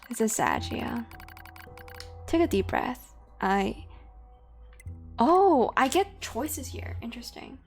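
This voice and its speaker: A woman's voice: fairly high pitch, big pitch swings, slow pace, pauses often, breathy edge. Young woman streamer reading game text aloud. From Hong Kong. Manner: chatty, with frequent fillers and self-corrections. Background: faint game music and keyboard typing.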